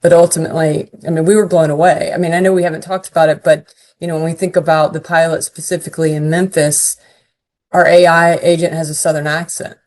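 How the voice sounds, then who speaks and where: A woman executive talks through her points in a panel. Her voice sits low. She is thoughtful and conversational. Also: level tone, fast, a little mellow. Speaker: company executive. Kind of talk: panel discussion.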